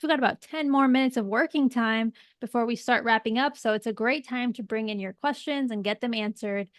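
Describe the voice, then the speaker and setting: A woman's voice: on the high side, a little fast, dry recording, studio quality. A woman hosting a live stream, upbeat and encouraging, keeping time and asking the guest questions. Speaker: livestream host.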